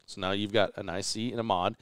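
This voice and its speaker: Laid-back guy chatting on a podcast, lowish smooth voice, stops and restarts a lot, dry close mic. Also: fairly even intonation, dry recording. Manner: easygoing, halting, rambling with restarts. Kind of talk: casual chat.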